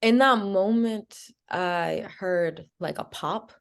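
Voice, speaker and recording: Her mid-range voice is gravelly yet smooth, and she takes it slowly. As a podcast guest from Providence, Rhode Island, the young woman tells her story animatedly, full of "like" and acted-out conversations.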